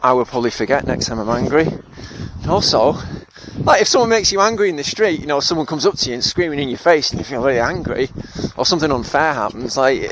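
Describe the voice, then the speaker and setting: A man's voice: medium pitch, lively intonation, fast, noisy background. Reflective man, thoughtful and self-deprecating. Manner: thoughtful and self-deprecating, with frequent laughs and fillers. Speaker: podcast host and therapist. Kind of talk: reflective solo podcast monologue.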